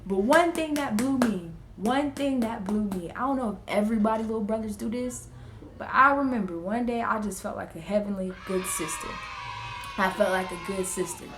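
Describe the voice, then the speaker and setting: A woman's voice: mid-range voice, normal speed, noisy background. Young woman telling a family story. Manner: animated, acts out family members' lines in quotes. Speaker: vlogger. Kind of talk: casual storytelling while getting ready. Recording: echoey room.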